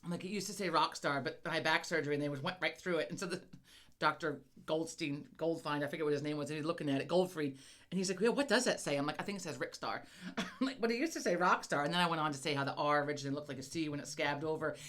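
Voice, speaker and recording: A woman's voice: deep voice, fast, a bit bright. A woman co-hosting a casual podcast chat, telling a profane story with lots of laughter. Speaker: podcast co-host.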